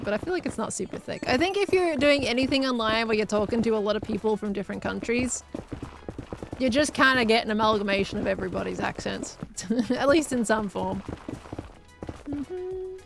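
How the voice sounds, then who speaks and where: A woman's voice: on the high side, expressive, fairly quick, vocal fry. An Australian woman from Victoria chatting casually on a gaming live stream, laughing often and answering chat as she plays.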